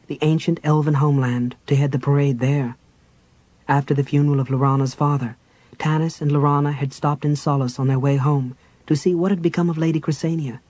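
Male audiobook narrator, breathy tone, steady storyteller pacing. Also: fairly high pitch, dry recording, rough recording. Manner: even, storytelling delivery.

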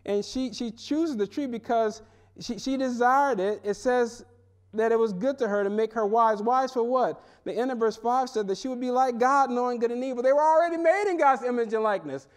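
A man preaching a sermon in a seminary chapel, animated, with wide swings from loud and high to low and hushed. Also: a little fast, smooth. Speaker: pastor.

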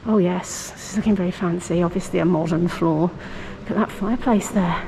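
A woman's voice: on the low side, fairly even intonation, brisk, vocal fry. A woman narrating a casual travel vlog while touring a castle, curious and lightly humorous. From Britain. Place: outdoors and inside a stone castle.

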